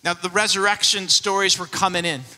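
A man's voice: high voice, steady tone, fairly quick, pushed and bright, long reverb tail. A man preaching a sermon as a pastor, telling the scripture story and acting out the voices in it.

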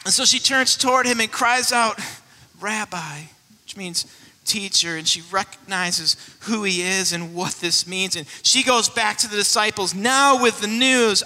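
A man's voice: high-pitched, pushed and bright, in a large hall. A man preaching a sermon as a pastor, telling the scripture story and acting out the voices in it.

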